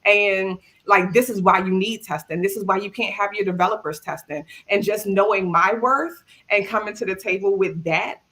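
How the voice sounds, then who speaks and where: A woman with a Maryland accent speaking as a software tester on a panel, candid and animated, with lots of fillers. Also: mid-range voice, moderate pace, few pauses. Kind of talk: panel discussion.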